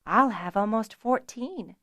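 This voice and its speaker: A woman's voice: fairly high pitch, expressive, a little slow, a bit bright, no room sound, studio quality. A woman reading a shy, lovesick young girl rider who pipes up and blurts things out. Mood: eager.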